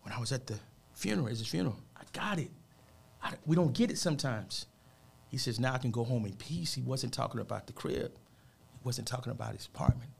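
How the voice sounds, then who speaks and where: A man speaking as a guest on a radio show, a motivational speaker with a gravelly, fry-edged voice. His pitch sits in an ordinary middle range. He tells a personal story in an earnest, preachy way and keeps tossing in "man" between his points. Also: animated, quick pace.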